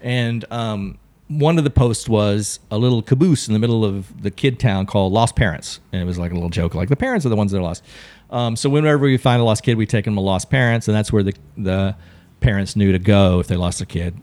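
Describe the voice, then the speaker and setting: A man's voice: lowish voice, a little fast. A middle-aged Texan man, a podcast guest, telling stories casually and acting out quotes. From Texas. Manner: animated storyteller, acts out quotes. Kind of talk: casual storytelling.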